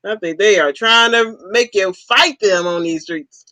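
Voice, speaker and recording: A livestream host in their forties, chatting in a relaxed, easygoing way. They chuckle often and toss out short, repeated replies. The sound is close and dry, with no room echo. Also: medium pitch, unhurried. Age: 40s. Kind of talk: casual livestream chat.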